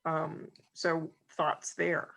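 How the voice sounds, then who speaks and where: Gravelly bright-voiced woman podcaster. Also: deep voice, drawn-out words, rough recording. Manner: animated storyteller with repeated restarts. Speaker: podcast co-host. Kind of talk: conversational podcast talk.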